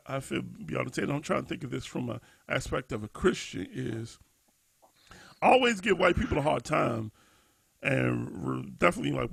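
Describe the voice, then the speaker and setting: A man with a deeply gravelly, slightly husky voice talks through a topic on a podcast, restarting sentences and leaning on fillers as he thinks. The recording is close and dry, with no room sound. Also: a bit bright, no echo. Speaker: podcast co-host. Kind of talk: casual discussion podcast.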